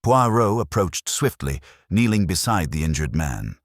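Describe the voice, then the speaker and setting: A man's voice: low-pitched, very animated, measured pace, dry recording, studio quality. A man giving scripted audiobook narration of a mystery story with dramatic storytelling.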